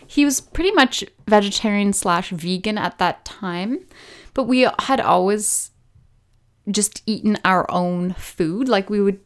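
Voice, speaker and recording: A woman, hosting a podcast and telling a personal story in a chatty, animated way, laughing easily. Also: mid-range voice. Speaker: podcast host.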